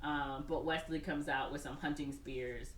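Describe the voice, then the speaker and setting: A woman co-hosting a podcast, casually retelling a movie plot with swearing and quick bits of put-on character voices. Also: sits low, fairly even intonation, crowd noise. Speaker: podcast co-host. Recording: echoey room, voice a bit far from the mic, faint background noise.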